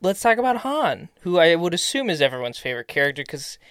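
An animated young man in his twenties steers a casual film discussion, laughing often. His voice is smooth and resonant. The sound is close and dry. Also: fairly high pitch, fast, dry recording. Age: 20s. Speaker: podcast co-host.

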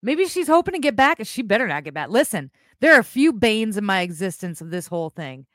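A woman hosting a live podcast stream, chatting casually in a blunt, animated way, with rambling asides and swearing. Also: mid-range voice, fairly quick, dry recording, clean studio sound. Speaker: podcast host.

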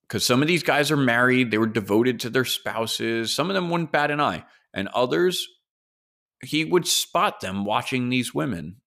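A man's voice: mid-range voice, creaky, fairly bright tone. A man hosting a solo podcast, telling a story casually and speculating, with the odd curse. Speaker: podcast host.

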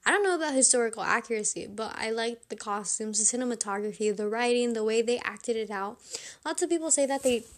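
A woman's voice: on the high side, quick pace. A young woman rating movies in a chatty, blunt, self-mocking monologue.

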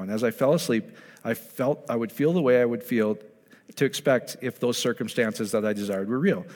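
A man preaches with lively storytelling and often slips into the voices of the people he talks about. His voice sits at an ordinary middle pitch. A long hall reverb trails each phrase. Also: fast. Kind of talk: sermon.

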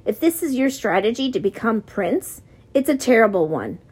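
A woman's voice: on the high side, very animated, normal speed, a little mellow, husky. A woman reading an audiobook, voicing a stern, harsh grown man who scolds his young prisoner. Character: gruff grown man, stern jailer, harsh but grudging.

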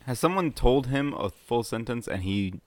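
A man co-hosting a podcast, making deadpan jokes in casual chat. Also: medium pitch, moderate pace. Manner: dry joking, deadpan quips. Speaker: podcast co-host. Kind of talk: casual chat, reacting to a show.

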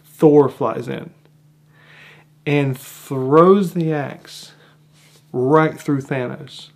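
A man's voice: medium pitch, gravelly. A man giving an enthusiastic monologue breaking down a film, stretching out words for emphasis and acting out reactions. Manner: animated, drawn-out emphatic phrasing with acted-out reactions. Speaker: film analyst.

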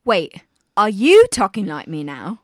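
A woman's voice: medium pitch, wildly swooping pitch, measured pace, dry recording, clean studio sound. A woman doing an impression of a British pop star with a put-on London accent, blunt and slangy, in a comedy sketch. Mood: annoyed. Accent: London English, put on.

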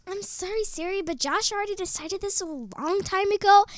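A woman's voice: extremely high pitch, moderate pace, slight background noise. A woman co-hosting a podcast, teasing in playful banter. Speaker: podcast co-host.

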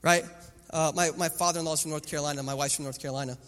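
Male preacher, 30s, high voice, animated storyteller, big reverberant hall. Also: racing. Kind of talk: sermon. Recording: long hall reverb with faint music.

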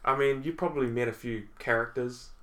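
A man in casual chat, co-hosting and teasing the others with quick prompting questions. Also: mid-range voice, sharp tone.

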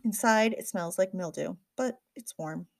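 A woman narrating a first-person audiobook with a lively, wry storytelling manner. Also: medium pitch, a little slow, creaky, a little hiss or hum.

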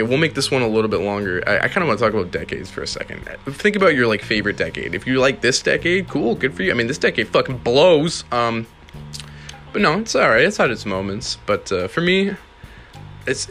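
Young man, casual podcast host, profane, rambling, middle pitch. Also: a bit bright. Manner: rambling, profane, laid-back, laughs often. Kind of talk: casual solo podcast monologue.

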